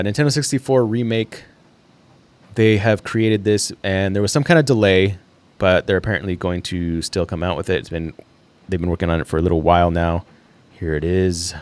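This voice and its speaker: A man's voice: on the low side, no room sound. A young man hosting a casual solo livestream, thinking aloud in a rambling way with fillers and the odd laugh. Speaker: livestream host.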